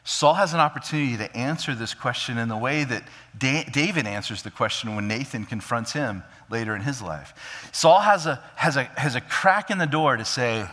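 A man preaching a sermon in an animated way, often stammering into restarts. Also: medium pitch, moderate pace, big-room sound. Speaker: pastor.

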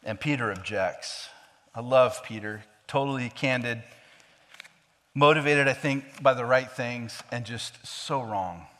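A man preaching a sermon with emphatic repetition, swinging between hushed, low passages and loud, raised stretches. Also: measured pace. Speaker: pastor. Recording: long hall reverb.

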